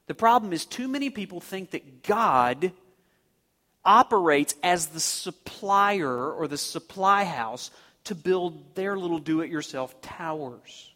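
A man's voice: high-pitched, lively intonation, takes it slowly, sharp tone, big-room sound. A male pastor preaching a sermon, repeating key phrases and asking rhetorical questions.

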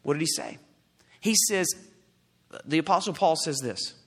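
A man preaching a sermon, forceful, with loud emphatic peaks and quiet low asides. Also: normal speed, breathy edge, big-room sound.

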